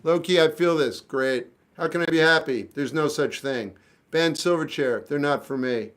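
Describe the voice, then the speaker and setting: A man in his fifties reading live chat questions aloud and answering them with blunt, deadpan one-word replies. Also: fairly high pitch, normal speed. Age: 50s. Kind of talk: casual live-stream chat.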